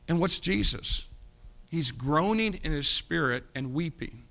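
A man pastor preaching a sermon, animated, with sudden loud rises and soft drops, acting out voices in his stories. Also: on the high side, a little fast.

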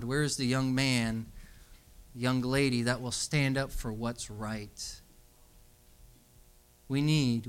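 A young adult man with a smooth, medium-pitched voice preaches a sermon to young people. He tells stories in an animated way, then exhorts his listeners emphatically.

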